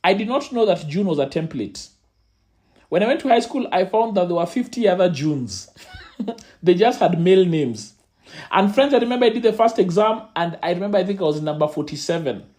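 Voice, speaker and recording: A man's voice: sits high, a little fast. A man with a Kenyan accent telling a personal story to a crowd in a dramatic, repetitive, sermon-like way. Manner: animated, dramatic storyteller who repeats phrases for effect. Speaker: youth speaker. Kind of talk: storytelling sermon-style talk.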